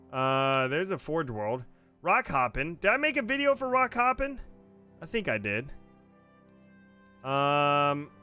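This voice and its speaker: A man hosts a laid-back gaming livestream, chatting to viewers and rambling with lots of fillers as he plays. His voice is fairly high-pitched with a sharp tone, and faint game music plays in the background.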